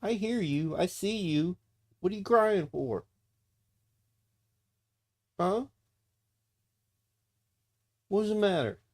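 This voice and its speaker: Laid-back slow-talking male streamer. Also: high voice, expressive. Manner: baby-talks to his dog, then rants with swearing. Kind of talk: casual live-stream chat.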